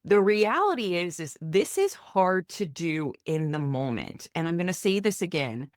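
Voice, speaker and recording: A woman gives a faith-based lesson to camera, speaking as a therapist and coach. Her pitch moves a lot, rising and dipping as she stresses points, and she talks in a direct, encouraging, plain-spoken way. The sound is close and dry, with hardly any room around it. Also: sing-song, normal speed, dry recording.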